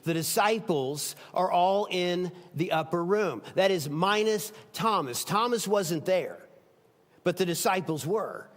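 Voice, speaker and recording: A man preaching a sermon as pastor, retelling stories with swings between loud emphatic lines and soft hushed ones. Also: sits high, lively intonation, measured pace, in a large hall.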